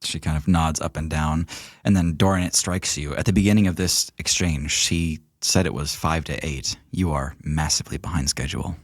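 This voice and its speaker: A man narrating as game master in a relaxed, loose way. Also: rumbling low, normal speed, few pauses, dry recording, clean studio sound.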